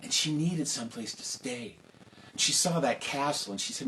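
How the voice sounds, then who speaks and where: A man telling a folk tale to children, lively and conversational with casual asides. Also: mid-range voice, moderate pace, slight background noise, poor audio. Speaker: storyteller. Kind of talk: oral storytelling for children.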